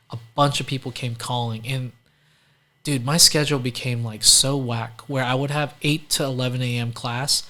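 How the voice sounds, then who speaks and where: A man's voice: mid-range voice, pushed and bright. A man from Louisiana as a guest entrepreneur, telling stories in a casual, chatty way. He fills his talk with "like" and acts out the people he quotes. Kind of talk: casual storytelling interview.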